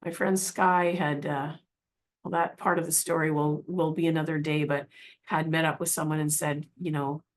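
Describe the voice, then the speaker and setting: A woman's voice: low-pitched, level tone, normal speed. A middle-aged woman telling a personal story in a casual, earnest, rambling way, full of restarts and asides. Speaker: healing practitioner telling her story.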